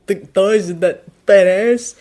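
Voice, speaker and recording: A woman's voice: medium pitch, slow pace, mellow, close to an everyday voice. A woman voicing a crude, lecherous teenage boy who whines and leers, in a fanfiction audiobook reading. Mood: leering. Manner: whining, leering.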